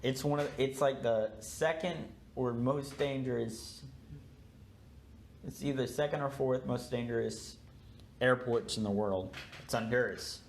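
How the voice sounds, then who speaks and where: A man's voice: medium pitch, unhurried, slight background noise. A young man co-hosting a podcast, sleep-deprived and yawning, telling a rambling story full of fillers and restarts in casual chat. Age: young adult. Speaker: podcast co-host.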